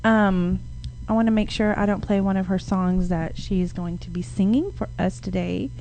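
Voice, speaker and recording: A woman's voice: mid-range voice, normal speed, gravelly, dark tone, slight background noise. A woman co-hosting an internet radio show, speaking casually and upbeat, cheering her guests on. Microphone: studio microphone.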